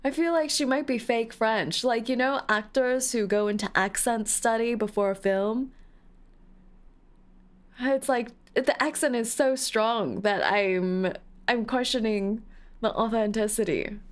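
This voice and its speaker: A playful woman streamer who talks unhurriedly with her viewers, giggling and teasing as she reads out comments. Her voice sits a little high. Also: a little slow. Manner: playful, giggly, teasing, reading chat aloud. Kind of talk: casual live-stream chat while playing a game.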